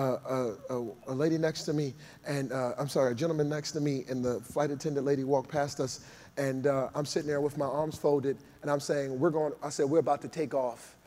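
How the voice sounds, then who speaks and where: A man preaching a sermon and testifying, speaking, moving from low conversational storytelling to shouted climaxes. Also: long reverb tail. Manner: conversational, testifying, acts out quoted dialogue.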